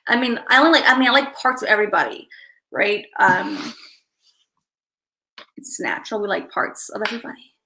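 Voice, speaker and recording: A woman's voice: medium pitch, fairly quick, long pauses, sharp tone, poor audio. A woman hosting a casual livestream, chatting in a rambling way and greeting viewers by name. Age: adult parent. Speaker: livestream host.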